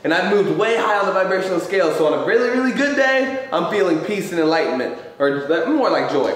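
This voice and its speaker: Guy doing a live q&a, loose and animated, swears casually, voice a bit high, really echoey room. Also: a little fast. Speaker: host of a live Q&A show. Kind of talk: casual motivational chat.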